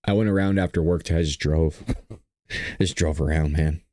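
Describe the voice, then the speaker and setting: Deep-voiced man, choked up on stream. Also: fairly even intonation, a little mellow, no echo, studio quality. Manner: halting, trailing off and restarting. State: tearful, choked up. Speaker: livestream host. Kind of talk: emotional live stream talk.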